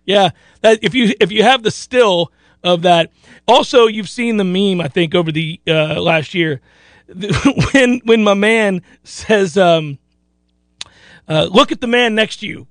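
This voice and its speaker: Male sports radio host, high gravelly voice, dry close mic, storyteller who laughs a lot. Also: unhurried, dry recording. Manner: animated, laughs often, acts out quotes loudly.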